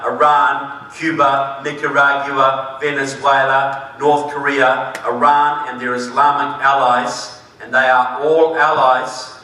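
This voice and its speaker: A man's voice: mid-range voice, bright, forceful tone. A man from New Zealand with a New Zealand accent giving a conference speech, folksy and joking, then emphatic. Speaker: conference speaker. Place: large conference hall. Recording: echoey hall, voice from far off.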